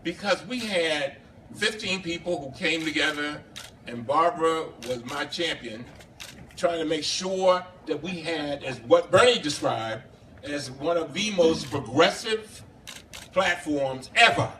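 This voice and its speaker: A man, a congressman, giving an impassioned speech at a bar reception, halting and repeating himself, recorded from a distance. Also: on the high side, pushed and bright. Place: bar reception room, indoors. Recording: distant camera with faint background noise.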